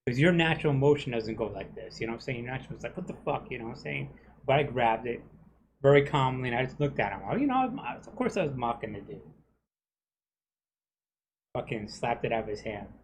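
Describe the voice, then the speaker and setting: A man on a game stream, venting in a heated, profane rant. His voice sits at an ordinary middle pitch, and he keeps asking whether you know what he's saying. A faint hum of noise sits behind him. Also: animated, brisk. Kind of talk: casual rant while streaming gameplay.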